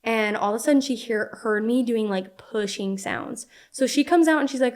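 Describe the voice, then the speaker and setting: A young woman tells a personal story as a podcast guest. Her voice sits a little high, and she talks in an animated way. She uses many "like" fillers and acts out the quoted lines. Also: normal speed, few pauses. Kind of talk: casual storytelling.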